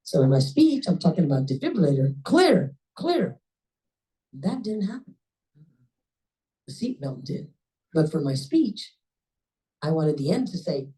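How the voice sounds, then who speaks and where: A woman at a club meeting telling a personal story in a lively, conversational way, often jumping up in pitch for emphasis. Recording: voice a bit distant from the mic.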